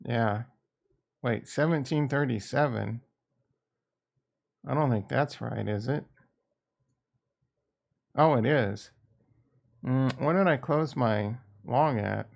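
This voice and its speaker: Slow, rambling male crypto streamer. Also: mid-range voice, creaky. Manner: rambling, thinking aloud while trading; casual and profane. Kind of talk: casual livestream chat.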